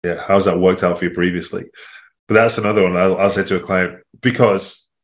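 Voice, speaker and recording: A low-voiced man chats casually on a podcast as a fitness coach. He talks in an animated way, with sudden rises for emphasis. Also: brisk. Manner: animated, jumps in pitch for emphasis.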